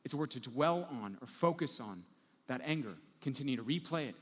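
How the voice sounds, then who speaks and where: A man preaching a sermon as pastor, telling everyday scenes with lively acted-out moments. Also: medium pitch, a little fast, slightly rough, long reverb tail. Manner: animated storytelling, acting out everyday scenes.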